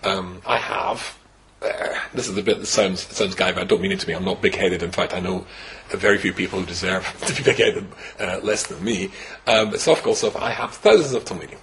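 An older man from Scotland in his sixties, a rabbi telling a personal story with wry humor, dropping to a hush and then rising to exclaim. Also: sits low, fairly quick, slight background noise, poor audio. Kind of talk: personal story told to a host.

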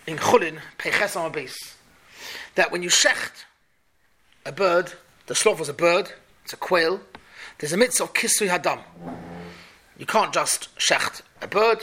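Torah teacher, man, high and bright, animated questioning lesson. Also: husky. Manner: questioning, animated, repeats points. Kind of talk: Talmud class for boys.

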